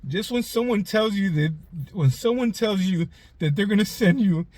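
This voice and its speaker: Speaking from inside a parked car, a man in his forties records a confessional vlog in a high-pitched, expressive, slightly mellow voice at a moderate pace, with no room sound. He's raw and emotional, swears freely, and his voice catches as tears come.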